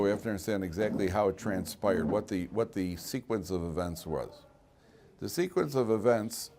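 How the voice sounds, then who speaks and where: Rabbi teaching an animated classroom lesson. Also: male voice, fairly low pitch. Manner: animated, acts out voices of people in the story; breaks off to address students directly. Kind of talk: classroom Torah lecture.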